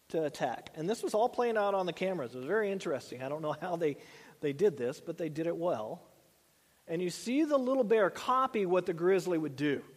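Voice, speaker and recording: A man's voice: sits high, big-room sound. A middle-aged man preaching a sermon in a loose, conversational way, often repeating words and using fillers. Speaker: pastor.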